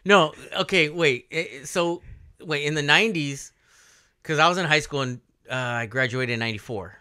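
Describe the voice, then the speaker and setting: Bright, smooth-voiced man chatting casually. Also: fairly high pitch, moderate pace, dry recording, studio quality. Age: 40s. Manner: rambling, laughing, full of fillers. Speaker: podcast co-host. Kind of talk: casual chat.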